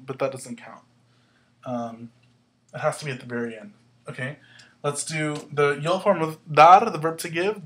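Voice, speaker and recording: Male teacher, young adult, casual board lesson, patient, fillers and self-corrections, slightly high voice. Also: fairly bright tone. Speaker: Spanish teacher. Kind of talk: whiteboard lesson explanation.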